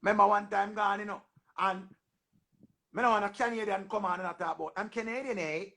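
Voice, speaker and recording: A young man with a Jamaican accent, hosting a casual livestream and bantering in animated patois, often repeating himself. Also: high voice, brisk, gravelly. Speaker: livestream host. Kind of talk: casual livestream chat with callers.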